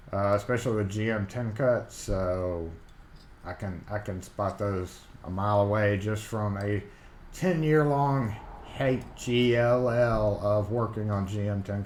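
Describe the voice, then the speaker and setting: A man from Mississippi with a Southern accent hosts a casual live-stream chat, rambling and reading viewer comments aloud. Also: mid-range voice. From Mississippi, USA. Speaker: livestream host. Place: home workshop. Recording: roomy echo.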